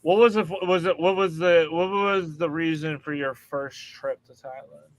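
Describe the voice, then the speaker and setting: An American man hosting a casual chat, animated and laughing often as he acts out quotes. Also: fairly high pitch, normal speed, dry recording, poor audio. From United States.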